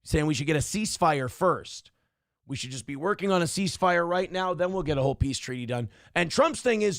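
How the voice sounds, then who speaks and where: A man's voice: on the high side, expressive, fairly quick, a bit bright, no echo, studio quality. A man hosting a morning show, giving blunt, profane and sarcastic commentary on the news.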